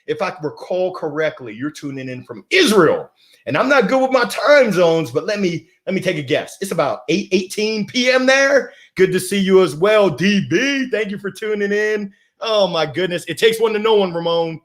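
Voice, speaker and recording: At a normal speed and in an expressive, high-sitting voice, a man hosts a live motivational broadcast. He reads out comments, greets viewers by name, and keeps laughing with exuberant energy.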